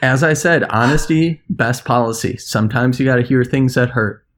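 A man on a podcast as its international correspondent, ranting in an animated, sarcastic way. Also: mid-range voice, normal speed. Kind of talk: podcast chat.

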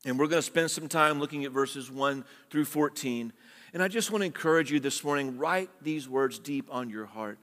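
A man's voice: mid-range voice, normal speed, a bit bright. A man preaching a sermon as pastor, earnest and exhorting, building in emphasis as he makes his points. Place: church sanctuary. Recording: long hall reverb.

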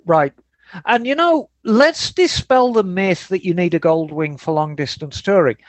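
High-voiced man hosting a casual chat. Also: unhurried, dry recording. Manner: relaxed, rambling, reads listener emails. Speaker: podcast host.

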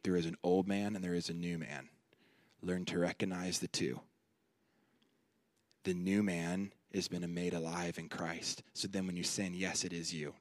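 A man preaching a sermon at a conference, with slow, deliberate phrasing, repeated lines and loud, emphatic peaks. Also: sits low, dry recording.

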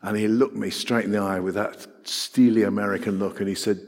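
A middle-aged man preaching a sermon, earnest and full of rhetorical questions, swinging between loud and hushed. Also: on the low side, steady tone, fairly quick, few pauses. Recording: long hall reverb.

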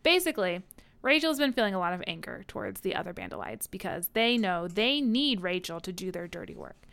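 A young woman co-hosting a podcast, chatting casually about a book, animated and laughing, swearing freely. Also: mid-range voice, a little fast, gravelly, clean tone. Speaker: podcast co-host. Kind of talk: casual book discussion chat.

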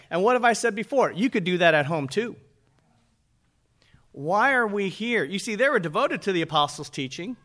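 A man's voice: high voice, big pitch swings, normal speed, fairly bright tone. A man preaching a conversational sermon as pastor, asking his listeners rhetorical questions.

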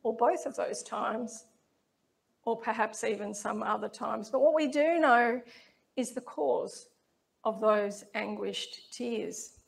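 Woman preacher, slow and measured, slightly high voice with gravelly fry, reflective scripture reading.

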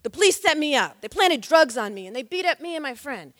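A woman's voice: high-pitched, sing-song, fairly quick, fairly bright tone, no room sound, studio quality, long reverb tail. A woman voicing a desperate young man with a felony record, insistent and repeating himself. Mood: pleading.

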